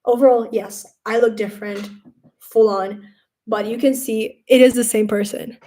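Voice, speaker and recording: A young woman on a casual live stream talks from her room at home, her mellow, warm voice wandering from thought to thought. When she quotes other people her delivery turns animated, then settles back into relaxed chat. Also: a little high, moderate pace.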